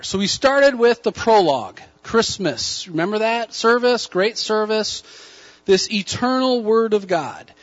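A man's voice: high voice, dull audio. A man preaching a casual, conversational sermon to a church congregation, with folksy asides. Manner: hushed, slow prayer. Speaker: guest preacher. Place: church sanctuary.

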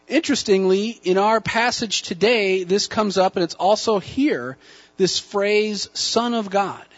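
A man's voice: high voice, muffled recording. A man preaching a casual, conversational sermon to a church congregation, with folksy asides. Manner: hushed, slow prayer. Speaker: guest preacher. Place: church sanctuary.

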